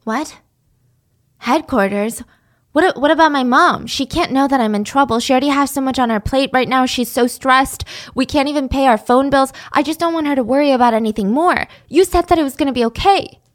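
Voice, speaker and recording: A woman voicing a frightened young schoolgirl who talks in anxious, rushed questions. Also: high voice, lightly acted. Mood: pleading.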